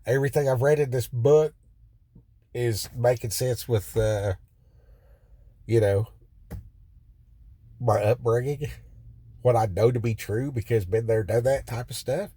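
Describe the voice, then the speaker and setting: A man's voice: medium pitch, unhurried, pauses often, dark tone, breathy edge, no echo. A man telling a raw personal story from his car, swearing freely and circling back with many fillers and restarts. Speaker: vlogger sharing a personal testimony. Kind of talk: rambling first-person storytelling. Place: in a car by the roadside.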